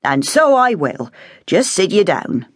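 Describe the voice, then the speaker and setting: A woman's voice: on the low side, big pitch swings, a little slow, no room sound, clean studio sound. A woman doing a plump, motherly kitchen lady. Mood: kindly. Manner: warm-hearted, homely, fussing.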